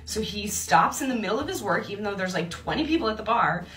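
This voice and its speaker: A woman's voice: mid-range voice, expressive, fast, a bit bright, roomy sound. A young woman telling a personal story in a chatty way, laughing often and acting out her own thoughts. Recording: distant mic with faint music.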